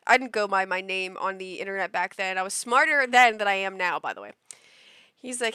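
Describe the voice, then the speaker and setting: A woman in her twenties streaming live, telling a story in casual chat. She acts out quotes and breaks into sudden loud outbursts. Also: medium pitch, lively intonation, moderate pace, long pauses, smooth, no room sound, clean studio sound. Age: 20s.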